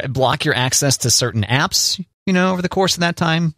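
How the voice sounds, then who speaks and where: A man's voice: on the high side, lively intonation, moderate pace, creaky, fairly bright tone, no room sound, studio quality. A man co-hosting a casual chat show, easygoing and jokey, who laughs often. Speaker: co-host.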